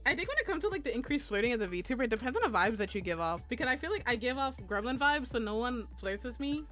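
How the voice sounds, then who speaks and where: Young woman, casual stream chat, crude and giggly, slightly high voice, faint music behind. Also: big pitch swings, quick pace, a bit bright. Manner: chatty and crude, with frequent laughs and squeals. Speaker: VTuber streamer and artist. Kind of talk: casual live-stream chat while drawing.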